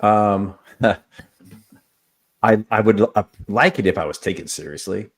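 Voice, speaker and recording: A man with a lowish voice, an assistant wrestling coach chatting in an interview. He tells stories with lots of "um" and "like" and acts out what people said. His delivery is loose and conversational. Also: unhurried. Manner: storytelling, acts out quoted exchanges, many fillers. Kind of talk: casual interview talk.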